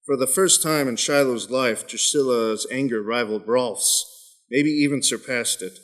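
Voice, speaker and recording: Man, medium pitch, steady dramatic narration of his own story, open mic reading. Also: moderate pace. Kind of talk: reading a fiction excerpt aloud. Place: small venue at an open mic night.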